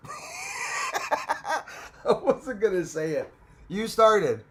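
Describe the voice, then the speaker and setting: A man's voice: high-pitched, huge pitch swings, drawn-out words, a bit bright, breathy edge. A man from Canada hosting a casual livestream, chatty, thanking viewers by name and laughing often. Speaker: livestream host.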